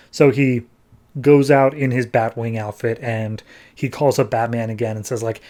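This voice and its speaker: A man hosting a comics podcast, recapping an issue in a breezy, sarcastic way and slipping into quick character voices. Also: mid-range voice, fairly even intonation, a little mellow. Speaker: podcast host, comics reviewer. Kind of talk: casual comic-book recap.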